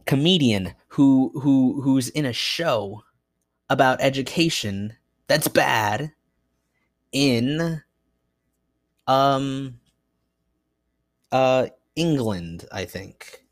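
A man's voice: medium pitch, expressive, extremely slow, pauses often, no echo, studio quality. A young man hosting a solo podcast, rambling and self-mocking, with frequent restarts and asides. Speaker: podcast host.

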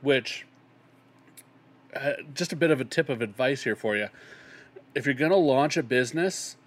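A man in his thirties hosting a solo podcast, chatting casually and rambling with a self-deprecating tone. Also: medium pitch. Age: 30s. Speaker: podcast host.

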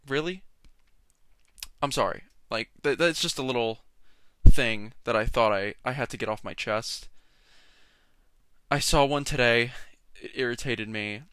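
A man's voice: medium pitch, pushed and bright, clear, resonant tone, no echo, clean studio sound. A young man hosting a solo podcast, rambling and sarcastic, often interrupting himself. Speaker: podcast host. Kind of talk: casual solo podcast rant.

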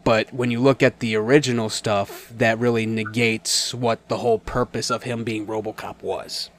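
A man's voice: on the low side, steady tone, moderate pace, a little hiss or hum. A man co-hosting a podcast in casual chat, stammering and laughing often. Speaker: podcast co-host.

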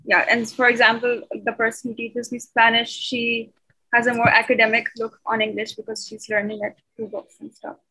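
A woman's voice: on the high side, completely flat delivery, normal speed, pushed and bright, husky, rough recording. A young woman from Pakistan in a casual group discussion, earnest and questioning. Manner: earnest, questioning, many fillers. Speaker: discussion participant.

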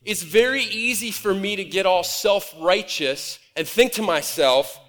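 High-voiced guy preaching, chatty and animated, echoey church. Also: unhurried, hardly any pauses. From Nebraska, USA. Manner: conversational and animated, acts out quoted voices. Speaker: pastor. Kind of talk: sermon. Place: church auditorium. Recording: reverberant hall.

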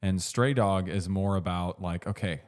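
A man's voice: sits low, normal speed. A man co-hosting a movie podcast, talking casually with lots of fillers and restarts. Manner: rambling, restarts and hedging with fillers. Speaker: podcast co-host. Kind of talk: casual movie review chat.

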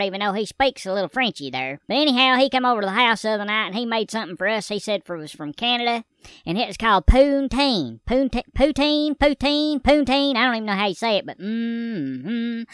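A woman's voice: mid-range voice, a bit bright, clean tone, no echo, lightly acted. A woman voicing a folksy, rambling rural man in a comedy monologue. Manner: rambling, homespun drawl.

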